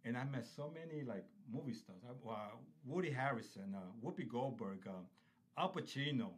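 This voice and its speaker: A man in his fifties chats as a podcast guest, telling long stories about his working life. His talk wanders and is full of fillers and restarts, and his voice sits at an ordinary middle pitch. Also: expressive, moderate pace. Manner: rambling anecdotal storyteller with many fillers. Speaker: podcast guest, stone restoration business owner. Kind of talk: casual podcast conversation.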